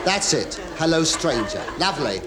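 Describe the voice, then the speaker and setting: An English comedian hosting a radio show, telling a rambling monologue full of stammers, asides and confiding remarks to the audience. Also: male voice, on the high side, very animated, normal speed, over a noisy crowd. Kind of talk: stand-up comic monologue to a studio audience. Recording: hissy 1970s radio recording.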